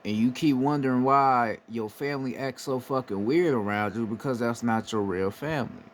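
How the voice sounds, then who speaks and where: A man's voice: medium pitch, normal speed, a little hiss or hum. A man from the United States giving a casual, emphatic monologue, swearing freely and often asking "right?" to drive his points home. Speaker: spiritual commentator.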